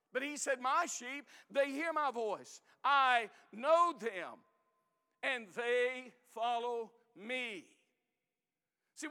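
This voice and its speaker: A man preaching a sermon as pastor, emphatic, with rising bursts and slowed, stressed phrases. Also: very high voice, bright, forceful tone, long reverb tail.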